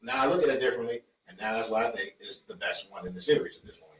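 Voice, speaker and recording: A man co-hosting a casual chat show, talking animatedly and cursing freely. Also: rapid-fire. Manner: animated, profane, jokes in a low raspy put-on voice. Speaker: podcast co-host. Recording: echoey room from far off, faint noise.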